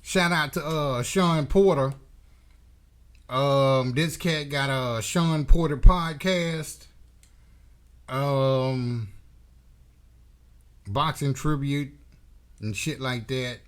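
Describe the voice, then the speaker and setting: A man's voice: medium pitch, very slow, long pauses. A man hosting a boxing commentary channel, delivering a blunt, profane, emphatic opinion rant.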